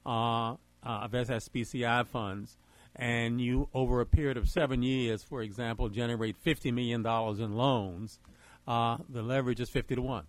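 A man's voice: medium pitch, fairly even intonation, normal speed, no room sound. A man explains a calculation plainly, step by step. The sound is dry and close. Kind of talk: conference call explanation.

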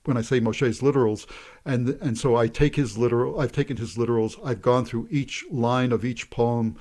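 A man's voice: medium pitch, steady tone, normal speed, darkish tone. A man, a poet and translator, talking through his translation work and introducing a poem, with stammered restarts. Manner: thoughtful, hesitant restarts. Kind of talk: interview and poetry reading.

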